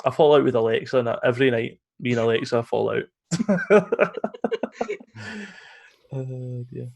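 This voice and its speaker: A man's voice: medium pitch, measured pace, creaky, a little mellow. A Scottish man chatting on a live stream, telling stories in a sweary, chuckling way. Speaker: live show co-host. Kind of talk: casual live-stream chat.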